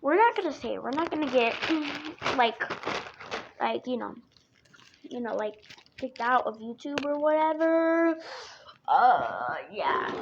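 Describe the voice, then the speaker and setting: A woman's voice: sits high, noisy background. A woman chatting casually to her viewers in a playful, giggly way, full of jokey asides. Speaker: vlogger. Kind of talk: casual rambling chat to camera.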